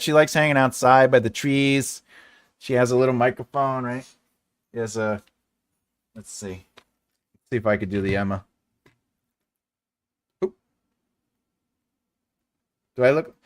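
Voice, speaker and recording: A man's voice: fairly high pitch, fairly bright tone. A man hosting a casual live stream for a writing channel, chatting with viewers in a playful, rambling way and repeating phrases for fun. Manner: chats to live viewers and reads their comments. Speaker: livestream host for a writing channel.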